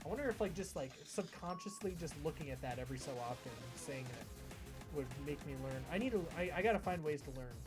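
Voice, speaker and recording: A man's voice: on the high side, animated, a little fast. An American man streaming live, chatting with his viewers in a rambling, chatty way. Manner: rambling and chatty, often reading chat aloud. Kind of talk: casual live-stream chat. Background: background music.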